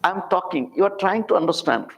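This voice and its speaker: A man in his sixties with an Indian accent, giving a public spiritual talk as a teacher, speaking deliberately with repeated phrases and rhetorical questions. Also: sits high, lively intonation, a bit bright, dull audio. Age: 60s.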